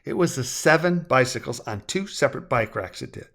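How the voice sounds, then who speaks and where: A man narrating his own story aloud with measured, wordy storytelling. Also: medium pitch, animated, fairly bright tone. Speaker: author and narrator.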